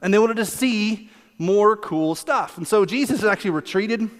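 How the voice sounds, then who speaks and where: A male pastor preaching a conversational sermon, animated, laughing often and acting out quotes. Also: high voice, normal speed. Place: church sanctuary. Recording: long reverb of a church hall.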